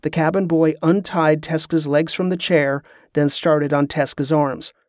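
A man narrating a novel as an audiobook, in a steady, even storytelling manner. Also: a little high, measured pace, no room sound, clean studio sound.

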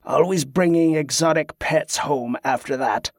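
A man's voice: a little high, unhurried, creaky, no echo, clean studio sound. Irritable, swearing captain read by a male narrator, brusque and slightly raised.

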